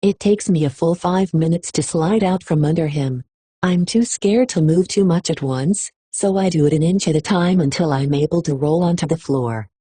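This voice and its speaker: Female audiobook reader with a husky, dry close sound and emotional first-person delivery. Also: sits low, normal speed, warm tone, dry recording. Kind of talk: expressive audiobook narration.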